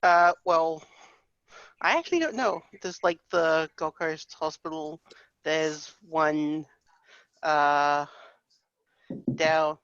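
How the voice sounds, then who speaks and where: A woman's voice: deep voice, takes it slowly, pauses often, a bit bright, no echo. A woman speaking hesitantly in casual chat, trailing off with fillers. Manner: hesitant, unsure, many fillers. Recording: dull lo-fi dry sound.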